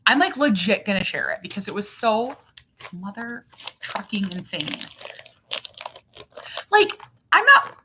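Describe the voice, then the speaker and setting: A woman in her thirties or forties hosts a casual livestream chat about her family. Her voice is bright and slightly high, and she talks animatedly, full of fillers and restarts. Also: slight background noise. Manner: chatty and animated, many fillers. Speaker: mother and channel host.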